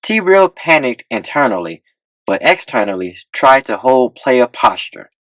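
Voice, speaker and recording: A man narrating a comedy audiobook with deadpan comic timing on a close mic. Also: medium pitch, measured pace, dry recording.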